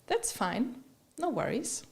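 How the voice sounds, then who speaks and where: Gravelly-voiced woman hosting a live stream. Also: high-pitched, sing-song, slow. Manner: chatty, many fillers, addresses viewers in chat. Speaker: co-host of a photography livestream. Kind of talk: casual live-stream chat.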